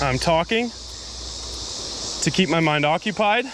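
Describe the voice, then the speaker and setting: A young man giving excited, breathless running commentary as he fights a fish by a river outdoors. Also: sits high, measured pace, noisy background. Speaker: fishing vlogger. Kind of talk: live fishing commentary.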